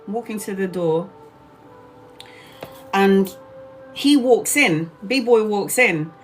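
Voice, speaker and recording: Animated woman telling a story. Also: medium pitch, faint music behind. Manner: animated, swears freely, repeats herself, quick and expressive. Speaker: tarot reader and live streamer. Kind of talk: casual storytelling to viewers on a livestream.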